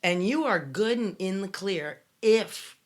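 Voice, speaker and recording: A woman co-hosting a podcast as a former cult member, chatting casually and telling animated stories with quoted asides, a little tired. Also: medium pitch, takes it slowly. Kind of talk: casual chat.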